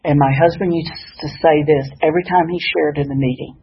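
A woman's voice: sits low, steady tone, fairly quick, breathy edge, highs cut off. An older woman giving a folksy, good-humored personal share at a sobriety meeting, speaking to an audience in a hall. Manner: warm-hearted, folksy, laughs at herself.

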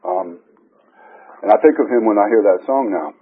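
A husky man with a drawl shares a personal remembrance at a gathering. He talks haltingly, full of fillers and soft laughs, with a raspy edge. The sound is thin and boxy, like it came over a telephone. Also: lowish voice. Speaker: speaker at a memorial gathering. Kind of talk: heartfelt personal remembrance speech. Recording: husky voice over a phone-like narrow line.

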